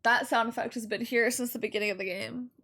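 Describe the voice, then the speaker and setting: A woman's voice: fairly high pitch, fairly even intonation, quick pace, sharp tone. A young woman streaming a game, reading the story aloud and chatting casually.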